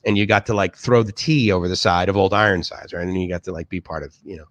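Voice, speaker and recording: Speaking quickly in a low voice with fairly even intonation, this Boston native streams from home in Bangkok. The recording is dry, and in his Boston accent he reads viewer comments aloud, rambling with plenty of fillers and restarts.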